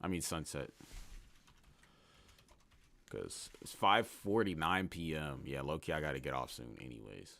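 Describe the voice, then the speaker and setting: A man's voice: very deep voice, expressive, measured pace, vocal fry, pauses often, bright, forceful tone, no room sound. A man livestreaming and chatting casually with his viewers, talking in slang, rambling and laughing often. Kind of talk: casual stream chat, reading chat aloud.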